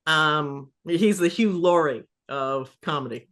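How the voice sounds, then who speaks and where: Here the improv festival curator, a middle-aged woman, speaks slowly in a low-pitched voice. She tells animated stories for a casual podcast interview, laughing and swearing without holding back.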